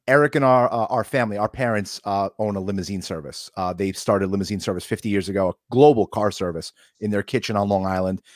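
Male co-host, animated anecdotes, lowish voice, dry recording. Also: quick pace, hardly any pauses, no echo. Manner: animated storyteller. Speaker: podcast host. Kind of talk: casual interview chat.

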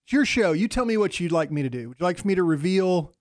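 A man with a fairly high voice banters on sports radio in a mock-formal, teasing way. He is close and dry on a studio microphone. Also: expressive, fast talker, a little mellow, no room sound. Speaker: radio show regular. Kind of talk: casual sports radio talk.

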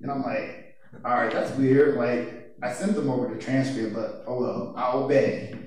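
A man's voice: medium pitch, fairly even intonation, normal speed, darkish tone. Chatty young man preaching in an echoey room. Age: young adult. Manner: chatty, laughing, personal storytelling. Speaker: youth speaker. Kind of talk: casual youth sermon. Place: church youth room. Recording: echoey room from far off, faint noise.

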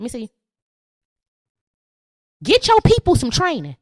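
Young woman, podcast host; loud, profane, preachy rant with a lively, swooping delivery. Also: high-pitched, measured pace, pauses often. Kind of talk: ranting monologue.

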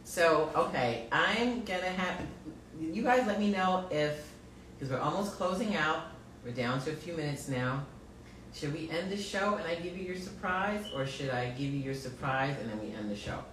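Playful mom host, lively voice, set back from the mic in a roomy room. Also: female voice, low voice, moderate pace, recorded from a distance, a little hiss or hum. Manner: giggly and playful, apologetic. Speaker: podcast co-host, mother. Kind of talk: casual chat. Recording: roomy, off-mic with faint ambience.

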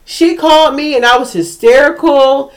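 A woman with a fairly high voice tells a story in a casual podcast chat. She is animated and emotional and sometimes breaks into yelling. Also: moderate pace. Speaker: podcast co-host.

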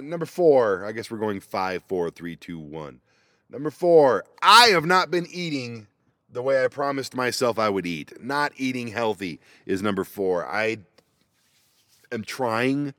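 A man's voice: fairly low pitch, big pitch swings, moderate pace, a bit bright, no echo, clean studio sound. A man chatting casually and rambling with goofy self-mocking asides, recorded on a laptop inside a parked minivan. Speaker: vanlife vlogger. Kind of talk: casual solo chat. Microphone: laptop microphone.

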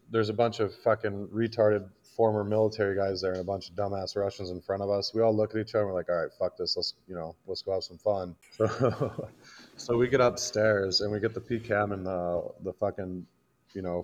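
A man's voice: lowish voice, flat delivery, a little fast, dull audio. A man from Iowa, a combat veteran guest, bluntly telling a war story in casual, profane podcast talk. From Iowa, United States.

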